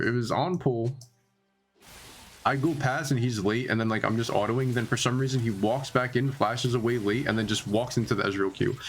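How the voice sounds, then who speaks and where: A man giving heated, exasperated commentary over his own gameplay footage. He talks in restless pitch swings and packs his speech with filler words. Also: fairly bright tone, a little hiss or hum. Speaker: gamer reviewing his own matches.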